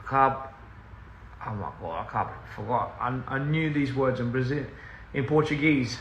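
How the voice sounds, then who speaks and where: A man's voice: medium pitch, measured pace. A man chatting casually on a phone livestream from inside a house, rambling, easily sidetracked and laughing often. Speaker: touring musician on a livestream. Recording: roomy echo with faint hiss.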